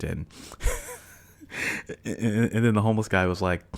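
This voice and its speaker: A man with a very low, gravelly voice talks through a solo podcast episode. His telling is loose and chatty, full of fillers and restarts, with a chuckle here and there. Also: steady tone, takes it slowly, long pauses. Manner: rambling, loose delivery with many fillers and restarts. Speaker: podcast host. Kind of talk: casual solo podcast storytelling.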